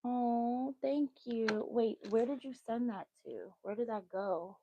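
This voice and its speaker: A woman's voice: fairly high pitch, unhurried, warm tone, highs cut off, a little hiss or hum. Chatty motherly woman reading tarot. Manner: chatty, easily sidetracked, motherly asides. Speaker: tarot reader. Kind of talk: casual livestream tarot reading.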